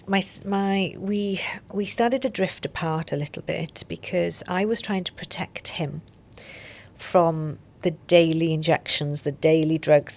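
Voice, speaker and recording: A woman, a podcast guest, telling her story openly and reflectively. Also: deep voice. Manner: open, reflective, with soft laughs. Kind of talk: candid interview storytelling.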